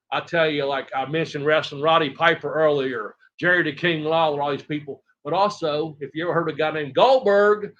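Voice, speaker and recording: Animated man telling wrestling stories. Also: a little high. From Tennessee, USA. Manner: rambling, animated, acts out other people's lines. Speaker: retired pro wrestler, guest. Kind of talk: casual storytelling interview. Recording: dull lo-fi audio.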